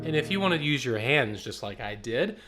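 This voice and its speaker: A man leading a choir warm-up, coaching and demonstrating vocal exercises as a choir director. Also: medium pitch, big pitch swings, fairly quick, over music.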